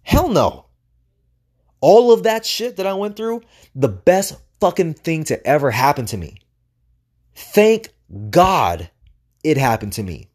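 A man's voice: a little high, big pitch swings, takes it slowly, long pauses, a little mellow. Profane, emphatic male podcast host. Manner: profane, emphatic, rhetorical questions. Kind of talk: motivational monologue.

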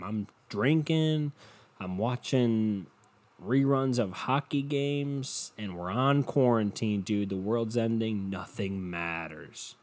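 A young adult man hosting a solo podcast from home, ranting in a profane, sardonic and rambling way. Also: on the low side. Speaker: podcast host. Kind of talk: casual solo podcast rant.

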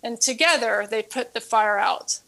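Earnest woman fitness coach, somewhat high. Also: normal speed, vocal fry, sharp tone. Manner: earnest, repeats words often. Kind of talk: storytelling interview guest.

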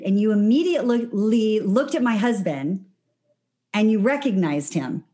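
A woman's voice: mid-range voice, expressive, moderate pace, warm tone. A woman hosting a podcast, talking casually with a friend in a chatty way with fillers and restarts, from Southern California. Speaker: podcast host.

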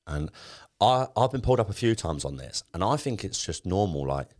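A man's voice: low-pitched, sing-song, a little fast, a little mellow, no room sound, studio quality. A young English man co-hosting a podcast, swearing a lot and laughing as he tells stories in casual banter. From England. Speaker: podcast co-host.

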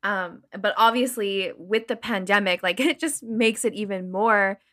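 A woman's voice: medium pitch, unhurried, fairly bright tone. A woman interviewing a guest in an enthusiastic, encouraging way. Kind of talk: interview questions.

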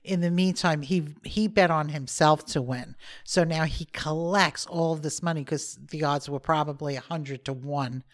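A woman's voice: low-pitched, moderate pace, hardly any pauses. A woman co-hosting a podcast, chiming in with film trivia and asides in casual chat. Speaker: podcast co-host.

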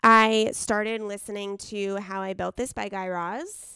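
A woman co-hosting a podcast in casual chat, blunt and animated, swearing freely. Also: medium pitch, measured pace, slight background noise. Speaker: podcast co-host.

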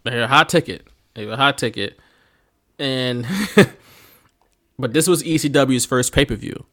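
A man with a Philadelphia accent co-hosting a podcast in casual, animated chat, laughing often and talking slangy. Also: mid-range voice, moderate pace. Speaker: podcast co-host.

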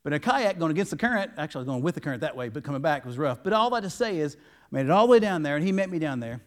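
A man's voice: fairly high pitch, sing-song, rapid-fire. A male pastor preaching a sermon, telling a story in a folksy, emotional way with many restarts. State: tearful. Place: church.

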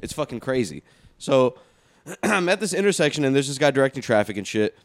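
A young man, trading stories in a loose, profane chat. He talks very quickly, at an ordinary pitch, and keeps laughing as he goes. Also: big pitch swings. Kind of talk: casual podcast chat.

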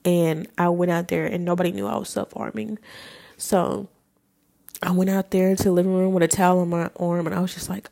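Woman, 20s, podcast host. Low, mellow, gravelly voice. Candid, casual storytelling with swearing and halting pauses. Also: little pitch movement. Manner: frank and raw, casual with profanity, halting pauses. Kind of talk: candid personal storytelling monologue.

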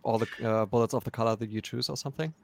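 A man's voice: mid-range voice, steady tone, racing, creaky, a little hiss or hum. A man guesting on a gaming podcast, chiming in with dry, questioning remarks. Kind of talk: casual chat.

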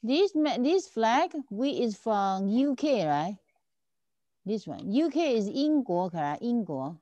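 Tutor, woman, lively up-and-down voice, patient and repetitive, dull dry sound. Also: fairly high pitch, slow pace, no echo. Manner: patient, repeats and checks understanding often. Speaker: Chinese language teacher. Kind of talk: online tutoring lesson.

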